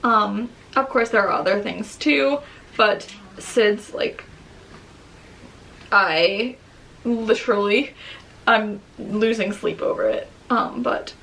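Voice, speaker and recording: A woman's voice: mid-range voice, gravelly, a bit bright, slight background noise. A young woman, a new mother, chatting candidly to camera at home in a rambling way, full of "um" and "like". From Long Island, New York. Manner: rambling and candid, many fillers like "um" and "like". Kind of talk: casual chat. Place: at home near her baby's crib.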